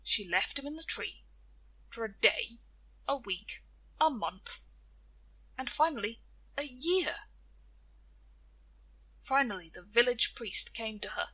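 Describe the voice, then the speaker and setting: A woman telling a folktale as host of a storytelling show. She takes her time, with a gentle, deliberate delivery and a fairly high, bright and forceful voice. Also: animated, husky, low-quality recording. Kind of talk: folktale narration.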